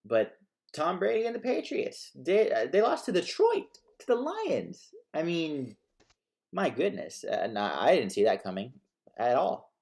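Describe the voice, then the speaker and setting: A man co-hosting a casual sports talk show, animated and given to stammered restarts. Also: on the high side, measured pace, creaky. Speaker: sports podcast co-host.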